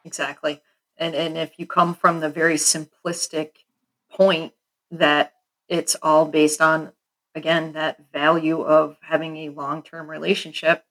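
A podcast host speaking reflectively and in a measured way. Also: medium pitch, level tone, fairly bright tone, poor audio. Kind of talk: conversational interview.

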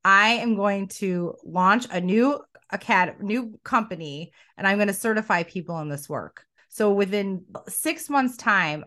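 A middle-aged woman with a somewhat low voice tells her story as a podcast guest. She is animated and slips into quoting her own thoughts along the way. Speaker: coach and academy founder.

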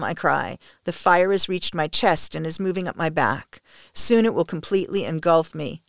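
A woman narrating an intimate first-person story in a soft, hushed, slow manner. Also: low voice, lively intonation, gravelly, no echo, studio quality.

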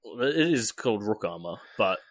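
A man's voice: on the low side, lively intonation, moderate pace, dry recording. A man co-hosting a casual gaming podcast, often stammering, restarting and swearing casually. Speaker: podcast co-host.

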